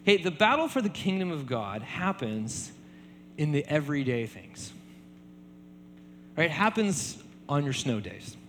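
A man preaching a sermon in a relaxed conversational way, often checking in with "right?". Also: a little high, measured pace, long pauses, long reverb tail, slight background noise. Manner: conversational, many fillers and repeated tag questions. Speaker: pastor.

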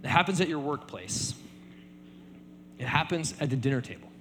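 A man preaching a sermon in a relaxed conversational way, often checking in with "right?". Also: fairly high pitch, moderate pace, in a large hall, slight background noise. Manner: conversational, many fillers and repeated tag questions. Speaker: pastor.

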